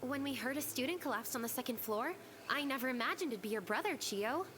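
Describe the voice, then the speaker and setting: An actress playing a brisk, sensible teenage student council president who scolds matter-of-factly in a video game. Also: female voice, high-pitched, expressive, a bit bright, a little hiss or hum.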